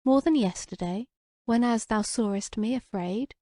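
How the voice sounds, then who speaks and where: A woman voicing a proud, commanding enchantress who speaks softly and caressingly in a storybook. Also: on the high side, moderate pace, no room sound, studio quality, lightly acted. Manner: soft and caressing, turning to scorn.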